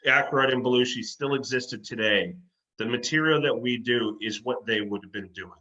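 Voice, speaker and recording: A man with a bright, forceful voice tells stories about his band with plenty of enthusiasm. The recording sounds slightly muffled and lo-fi. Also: medium pitch, moderate pace. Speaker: tribute band singer. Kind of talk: casual interview chat.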